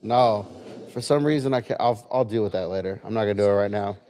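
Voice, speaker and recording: A man's voice: on the low side, quick pace, warm tone. A man hosting a casual livestream from a bar lounge, chatty and laid-back, testing his gear as he talks. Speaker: livestream host.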